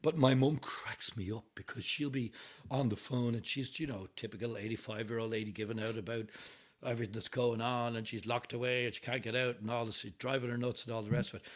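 Husky Dublin Irish man, swearing storyteller. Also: mid-range voice, fairly quick. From Ireland. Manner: swears freely, laughs often, animated storytelling. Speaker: podcast guest, rock singer. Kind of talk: casual chat.

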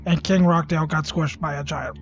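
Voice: medium pitch, steady tone, a little fast, dull audio, soft background music. A player speaking in character at a tabletop game, blunt and offhand, swearing. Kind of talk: in-character tabletop role-play.

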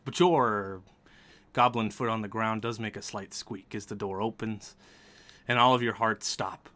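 Bright-voiced man narrating a tabletop game. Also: fairly low pitch, fairly even intonation. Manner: descriptive, measured scene-setting. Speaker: game master.

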